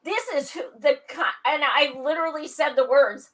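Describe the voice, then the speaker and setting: A woman's voice: sits high, moderate pace, a bit bright, low-quality recording. A blunt woman who swears freely and speaks emphatically in a casual panel chat. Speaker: podcast guest.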